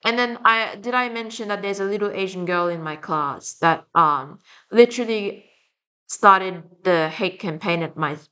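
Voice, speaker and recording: Bright and forceful, her mid-range voice moves at a normal pace. She is a young woman vlogger with a French and Slavic accent, ranting to camera bluntly, rambling and swearing often.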